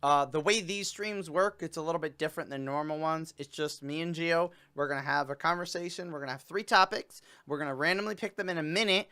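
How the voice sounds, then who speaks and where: A young man hosting a casual stream, talking straight to his chat in a rambling, joking way. His voice is bright and clear and sits a little high. He is recorded on a home desk mic. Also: fast, few pauses. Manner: chatty, rambling, jokey with playful fake sobbing. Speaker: host.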